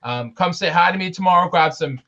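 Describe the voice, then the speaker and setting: A man who is a guest on a podcast, talking earnestly about an event with lots of pauses. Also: sits high, pushed and bright. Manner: earnest, promotional, many "um" pauses. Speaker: guest, autism advocate. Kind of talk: casual interview chat. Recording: dull lo-fi sound.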